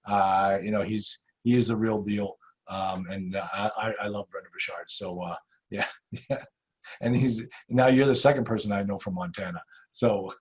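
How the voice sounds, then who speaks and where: An older man hosting a podcast, chatting casually and animatedly, with many restarts and trailing off quietly. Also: on the low side, fairly even intonation, normal speed. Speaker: podcast host. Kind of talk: casual interview chat. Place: home in New Hampshire.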